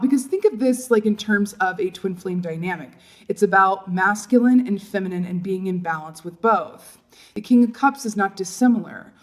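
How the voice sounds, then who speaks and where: A woman giving a casual tarot reading, chatty and laughing often, checking in with her listeners with "right?" and "you know". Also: medium pitch. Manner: laughs often while talking. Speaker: tarot reader.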